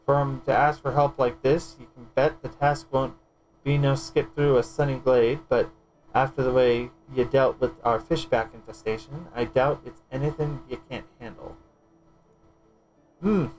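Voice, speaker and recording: A man voicing a gruff, folksy male guildmaster, reading quest lines aloud in an old-fashioned dialect full of ye and lass. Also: mid-range voice, fairly even intonation, darkish tone, lightly acted, poor audio. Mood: hearty. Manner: reading quest text aloud, a bit halting.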